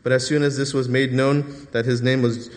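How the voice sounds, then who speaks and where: A man's voice: mid-range voice, little pitch movement, moderate pace. A man preaching a Sunday morning sermon in a chatty, conversational way, often tossing out a rhetorical "right?" to his congregation. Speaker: pastor. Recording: reverberant hall.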